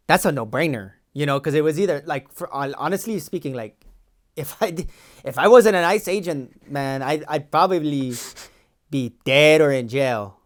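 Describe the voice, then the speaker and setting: A man's voice: a little high, lightly acted. A man playing a boastful young immigration agent. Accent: Los Angeles valley. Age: 20s. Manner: defensive, rambling, slangy. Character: young male Mexican-American immigration agent, defensive and boastful. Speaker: podcast co-host. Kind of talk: improvised comedy sketch.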